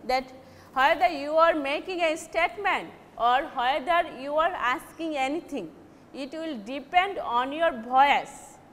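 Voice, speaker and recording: A woman from Bangladesh teaches a recorded lesson in a high, slightly bright voice, speaking slowly and carefully while often restarting or correcting herself mid-sentence. The audio carries a long, hall-like echo and faint background noise.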